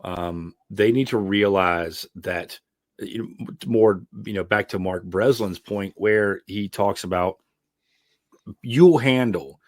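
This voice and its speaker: A man's voice: on the low side, takes it slowly, dry recording, clean studio sound. A man who is an ironworker and mentor, a podcast guest, giving earnest, emphatic advice with frequent fillers. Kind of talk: casual interview chat.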